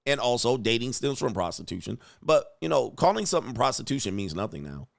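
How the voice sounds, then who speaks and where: A man's voice: medium pitch, big pitch swings, fast talker, vocal fry, no echo, clean studio sound. A man hosting a reaction commentary show, talking in a blunt, crude and mocking way with lots of slang. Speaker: commentary host.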